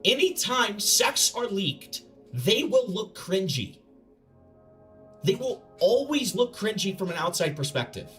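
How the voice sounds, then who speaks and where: A man's voice: sits high, big pitch swings, a little slow, a bit bright, faint music behind. Blunt, casual male commentary host. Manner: casual, blunt, swears freely. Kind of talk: internet drama commentary.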